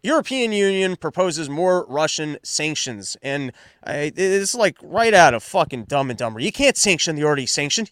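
A man hosting a commentary show, talking in a casual, sarcastic riff with a slightly higher voice than most men. The recording is close and dry, with no room around him. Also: moderate pace, no echo. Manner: sarcastic, animated, riffing.

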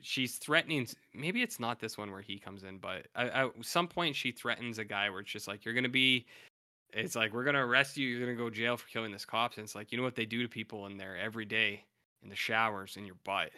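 A chatty podcast co-host rambles through a casual recap, his voice lowish, a little fast and sharp in tone. He leans heavily on fillers and quotes characters in loose paraphrase.

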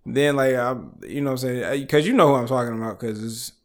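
Man telling stories loudly with flair. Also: medium pitch, fast talker. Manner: loud animated storytelling, acts out quotes. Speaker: podcast co-host. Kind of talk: casual chat.

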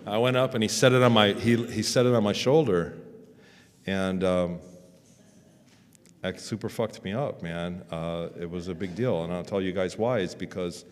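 A man's voice: low-pitched, steady tone, moderate pace. A man speaking at a conference, telling a personal story in a rambling, candid way with restarts and casual swearing. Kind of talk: storytelling talk. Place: conference hall. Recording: long hall reverb.

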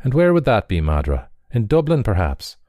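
A man's voice: fairly low pitch, huge pitch swings, moderate pace, mellow, dry recording, studio quality, voice pushed up. A man playing a good-humoured but homesick young emigrant, talking earnestly.

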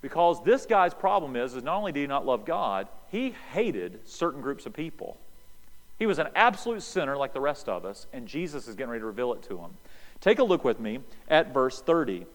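Man, American pastor, sermon, lively swooping pitch, long hall echo. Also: brisk. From United States. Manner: animated preaching, acts out dialogue.

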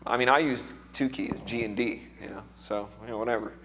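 A man's voice: fairly low pitch, fairly even intonation, fairly quick, vocal fry, a bit bright, slight background noise. A man teaching music theory to a worship class in a casual, encouraging way, often checking in with his students, his voice a little worn. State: recovering voice.

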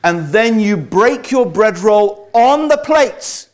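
High-voiced man giving a talk. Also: animated, takes it slowly. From Britain. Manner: conversational, keeps checking in with "okay?" and "right?". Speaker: speaker addressing an audience. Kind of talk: public talk.

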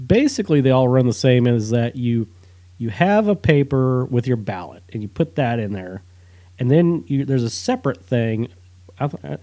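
A man with a dark, mellow voice trades dry, sarcastic quips in casual political chat. Between the jokes he explains things in a plain, conversational way. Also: mid-range voice.

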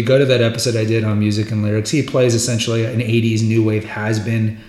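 A male podcast host talks through an actor's films in a loose, rambling, enthusiastic chat. His voice sits at an ordinary middle pitch. The room around him rings with a noticeable echo. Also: a little mellow. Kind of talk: casual film retrospective chat. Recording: roomy echoey room sound.

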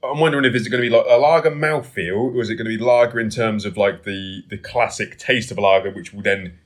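A man's voice: fairly low pitch, fast. A man co-hosting a beer review, easygoing and musing over flavours in casual chat.

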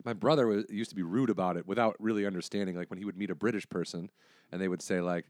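A man from Illinois co-hosting a casual chat, telling rambling stories with laughs and quick impressions. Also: deep voice, steady tone, a little mellow, no echo, clean studio sound.

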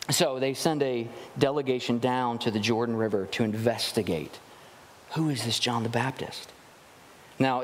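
A man preaching a sermon as a pastor, conversational and animated, acting out the questions he quotes. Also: medium pitch, big-room sound, a little hiss or hum.

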